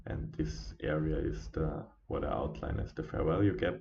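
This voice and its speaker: A tired man talking casually through a live trading stream as its host, halting with many fillers and restarts. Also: a bass voice, steady tone, gravelly, a little mellow. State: sleepy, yawning. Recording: dull lo-fi stream audio.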